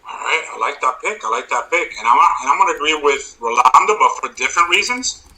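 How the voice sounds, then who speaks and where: Very bright, sharp male voice, playful co-host with silly reasons for his picks. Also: on the high side, expressive, fast, low-quality recording. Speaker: podcast co-host. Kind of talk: casual chat.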